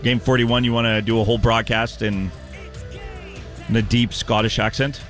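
A man hosting a sports talk radio show, briskly running the segment and reading out call-in details. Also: on the low side, flat delivery, fairly bright tone, soft background music. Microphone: studio microphone.

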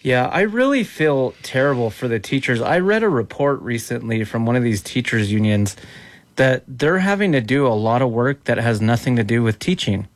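A man's voice: medium pitch, expressive, moderate pace, no room sound. A man hosting an interview, chatting in a casual, agreeable way. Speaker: interview host. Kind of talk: conversational interview.

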